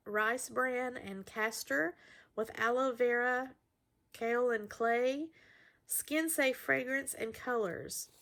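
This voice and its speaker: A middle-aged woman talks through an unboxing in an easy, chatty way, gushing and exclaiming as she goes. Her voice sits at an ordinary height but carries a bright edge. A gravelly fry runs under her words. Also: medium pitch. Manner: gushing, emotional, exclaiming over each item. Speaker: vlogger showing handmade soap mail. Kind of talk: casual unboxing chat.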